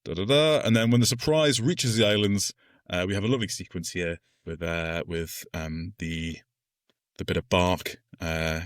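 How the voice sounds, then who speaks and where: A man with a fairly low voice co-hosts a film podcast, talking through scenes in a loose, enthusiastic way and laughing often. His voice sits close and dry on the microphone, with no room sound. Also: steady tone, moderate pace, no room sound. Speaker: podcast co-host. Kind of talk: casual film review chat.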